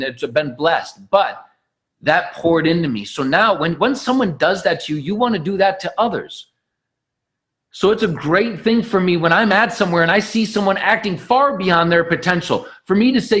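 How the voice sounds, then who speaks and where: A man giving an energetic, preachy motivational training talk on a conference call, acting out sales conversations. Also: on the high side. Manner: energetic and preachy, acts out dialogues. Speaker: network marketing trainer.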